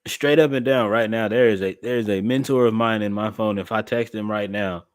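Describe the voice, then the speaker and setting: A man's voice: lowish voice, fairly even intonation, a little fast, clear, resonant tone. A man hosting a podcast in a casual chat, talking bluntly with slang, often repeating himself and restarting his sentences. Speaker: podcast host.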